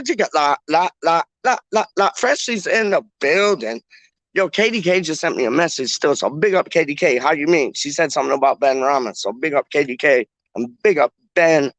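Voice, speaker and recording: A man's voice: medium pitch, creaky, no room sound. A man hosting a casual livestream, rambling in slang with lots of "like" and restarts. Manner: slangy, rambling, heavy use of "like". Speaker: livestream host. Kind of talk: casual live chat.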